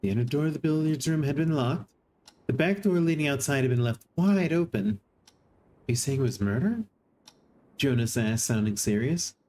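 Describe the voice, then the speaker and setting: A streamer reading a text adventure aloud in an even voice, with amused asides now and then. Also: mid-range voice, a little fast, a little hiss or hum. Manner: reads narration evenly and breaks in with surprised laughing asides.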